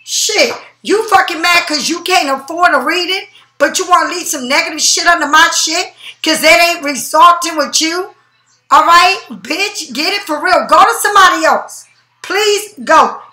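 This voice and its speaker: High-voiced woman reader going off on commenters, swears a lot, aave, echoey room. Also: bright, forceful tone. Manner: profane, confrontational, slow emphatic stresses. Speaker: tarot reader. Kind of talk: angry rant to camera. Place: home.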